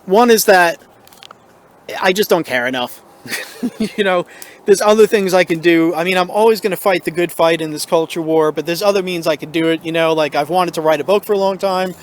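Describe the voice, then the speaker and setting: A man's voice: high voice, brisk. A man talking casually to the camera on a porch outdoors, rambling with fillers and out of breath. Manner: rambling, conversational, with frequent fillers and asides. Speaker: political video blogger.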